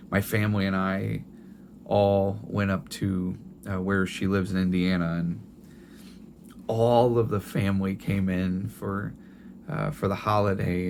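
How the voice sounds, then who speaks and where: Middle-aged male pastor, tender and gentle, restarts phrases, low voice. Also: vocal fry, a little hiss or hum. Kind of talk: sermon.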